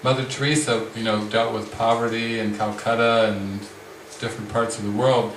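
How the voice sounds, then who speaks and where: A man leading a spiritual retreat discussion, speaking slowly and reflectively with frequent restarts. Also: on the low side, flat delivery, fairly bright tone, slight background noise. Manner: slow, reflective, many restarts. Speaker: spiritual teacher. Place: retreat room with a group. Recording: roomy sound from the mic's distance.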